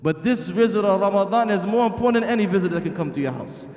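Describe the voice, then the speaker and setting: A man's voice: sits high, expressive, rapid-fire, darkish tone. A middle-aged man preaching a sermon in a masjid hall, earnest and asking the audience rhetorical questions. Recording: echoey hall.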